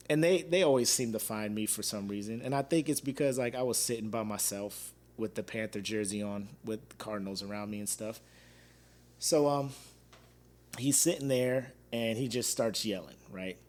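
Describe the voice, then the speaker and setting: Guy in his 30s ranting casually on his podcast, laughing a lot, acting out other people. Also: medium pitch. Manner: animated, laughs often, acts out quoted fans. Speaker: podcast host. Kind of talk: casual storytelling monologue.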